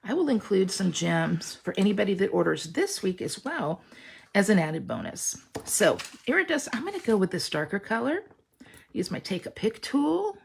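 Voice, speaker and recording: A woman talks viewers through a stamping project in a casual, chatty demonstration. Her voice has a gravelly edge and swings lively up and down in pitch, and she keeps reassuring her audience as she works. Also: normal speed, a little hiss or hum. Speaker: online stamping class instructor.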